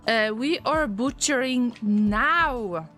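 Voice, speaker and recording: A woman streaming a game, chatting casually with viewers, easily distracted and prone to sudden excited alarm. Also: on the high side, extremely slow, soft background music. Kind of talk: casual live-stream gameplay commentary.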